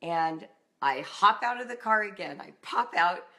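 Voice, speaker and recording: A middle-aged woman from Southern California tells a personal story. She talks in a slightly low voice and stays animated, acting out the voices of the people in the story. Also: a little slow. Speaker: writing and homeschooling coach.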